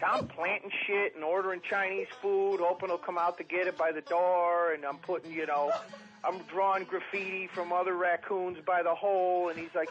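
A man telling long, profane comic stories in a rambling, animated way, often mimicking other people. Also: sits high, fairly quick, muffled recording, faint music behind. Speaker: storytelling podcast guest.

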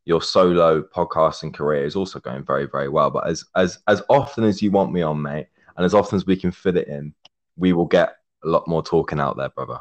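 A young man in his twenties, a podcast guest in a casual chat, rambling warmly and swearing heavily, calling his friend mate. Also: extremely low pitch, fairly quick, muffled recording. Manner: effusive, rambling, heavy swearing, says mate a lot. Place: remote call, living in Germany.

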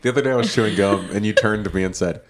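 A man's voice: on the low side, racing, slight background noise. A man co-hosting an improv podcast, goofy and swearing casually. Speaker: podcast co-host. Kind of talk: casual chat.

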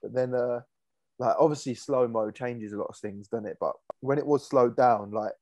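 A man on a video-call podcast, talking football in a loose, chatty way. His voice sits at an ordinary pitch and sounds dry and close, with no room around it. He tells stories and slips into other people's voices. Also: moderate pace, dry recording. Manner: animated storyteller, mimics voices in anecdotes. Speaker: podcast co-host. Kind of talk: casual chat.

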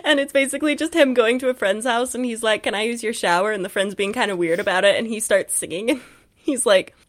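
A woman's voice: on the high side, fast talker. Laughing young woman recapping a book. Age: young adult. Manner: animated, laughing, acts out quotes. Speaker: podcast co-host recapping a book. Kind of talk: casual chat.

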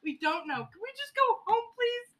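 A woman playing a tabletop game who jokes around with quick, exasperated comebacks and frequent swearing. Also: very high-pitched, big pitch swings, background noise. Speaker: player. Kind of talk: casual tabletop play.

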